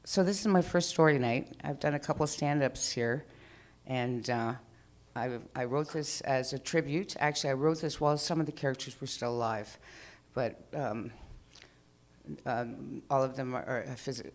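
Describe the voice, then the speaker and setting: A woman's voice: a bass voice, moderate pace. A woman telling a personal story live at an open mic, in a chatty, rambling way, acting out voices. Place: live venue stage.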